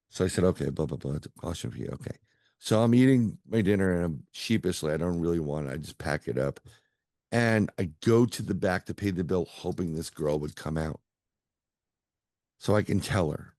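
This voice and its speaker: Middle-aged guy with a deep voice rambling through a story on a video call, dry sound. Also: brisk, no echo. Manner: rambling, animated storyteller acting out quotes. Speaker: guest psychic medium. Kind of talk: casual storytelling interview.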